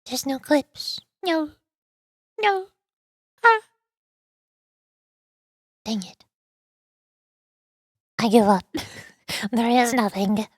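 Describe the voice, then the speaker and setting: A woman streamer in casual chat who stammers and exclaims in an animated way. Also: a little high, very slow, pauses often, no echo.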